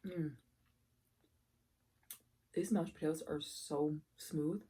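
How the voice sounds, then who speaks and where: A woman hosting an eating vlog, talking softly and giddily between bites, recorded close to the mic. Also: fairly low pitch, normal speed, pauses often, a little hiss or hum. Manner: soft-spoken, giddy and appreciative between bites. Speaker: mukbang host. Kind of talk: casual eating vlog with soft asides. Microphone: close mic picking up eating sounds.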